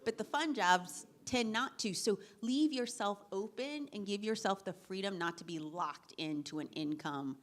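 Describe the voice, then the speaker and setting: A middle-aged woman on a discussion panel giving practical career advice, animated, with laughing asides and acted-out quotes. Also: medium pitch, unhurried, hardly any pauses.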